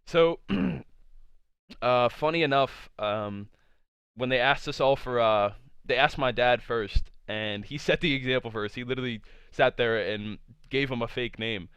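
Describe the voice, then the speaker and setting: Smooth-voiced young man rambling through a story. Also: mid-range voice, measured pace, a bit bright, no echo. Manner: rambling, full of "like" fillers, profane. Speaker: vlogger. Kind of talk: casual storytime. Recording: dull lo-fi sound.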